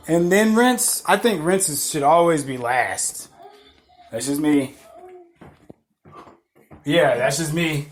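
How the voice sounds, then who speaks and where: A man's voice: a little high, measured pace, pauses often, slight background noise. A man hosting a podcast, rambling through casual stories, swearing freely and laughing at himself. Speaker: podcast host. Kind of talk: casual storytelling monologue.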